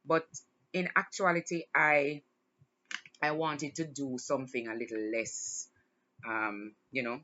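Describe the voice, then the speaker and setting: A woman's voice: rumbling low, steady tone, measured pace, sharp tone, lo-fi sound, slight background noise. A woman hosting her own show, talking in a casual, reflective monologue and smiling through emotion. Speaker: podcast host.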